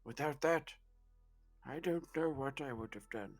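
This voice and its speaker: A man's voice: mid-range voice, measured pace, faint music behind. A man playing a tabletop game in character, earnest and sincere. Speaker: player.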